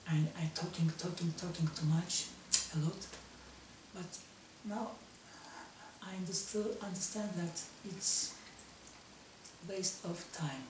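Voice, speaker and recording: A Russian woman in her fifties speaks slowly in a low voice, with a strong Russian accent and halting English. She sits back from the microphone in an echoey room, with a faint hiss underneath. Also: far from the mic. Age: 50s. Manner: halting non-native English, slow, many restarts. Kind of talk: personal monologue to camera.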